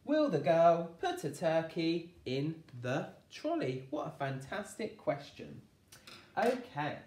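An English woman teaching a phonics lesson for young children, slowly sounding out words phoneme by phoneme with clear, encouraging delivery. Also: low voice, sing-song, a little mellow, distant mic. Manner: slow, sounding out phonemes one by one. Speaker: primary school teacher. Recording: echoey room, voice from off-mic.

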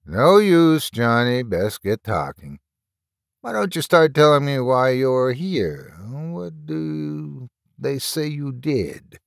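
A sly rural woman, read aloud by a man coaxes in a folksy, conspiratorial murmur. The voice is gravelly and slow, and it swings widely in pitch. The room is dry and close. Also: lively intonation, no room sound. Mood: coaxing. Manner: folksy, coaxing, drops low and conspiratorial. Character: sly rural woman who hides a cruel streak.

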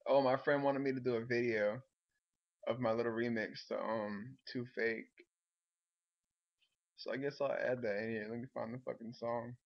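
A young man vlogging in a rambling, boastful, profane monologue, with a low, mellow voice. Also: steady tone, normal speed, long pauses, highs cut off.

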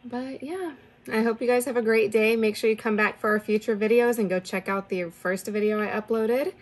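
A woman's voice: on the high side, steady tone, a little fast. A young woman giving a casual, rambling tour of her basement candle studio, chatty and full of fillers, a little out of breath. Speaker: candle business owner.

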